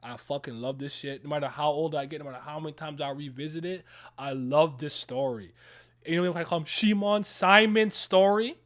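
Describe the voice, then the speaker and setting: A young man talks on a casual stream in a high, bright, pushing voice. He gets hyped quickly, swears freely and breaks into laughter between his points. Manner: excitable, loud bursts, laughs often, swears freely. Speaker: stream co-host.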